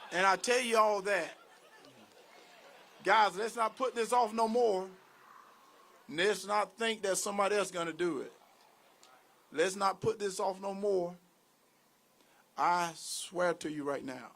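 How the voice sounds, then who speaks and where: A man, giving a fervent campaign rally speech, repeating himself, rising to shouts and dropping to near-mumbles. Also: high voice, takes it slowly, pauses often. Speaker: political candidate. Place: outdoor campaign bus tour stop.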